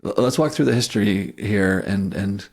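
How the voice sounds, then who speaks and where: A man co-hosting a history podcast, talking through church history in a relaxed, conversational way and often checking in with "right?". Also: fairly low pitch, normal speed, creaky. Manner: thoughtful, frequent restarts and "right?" checks. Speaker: podcast co-host. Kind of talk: casual history discussion.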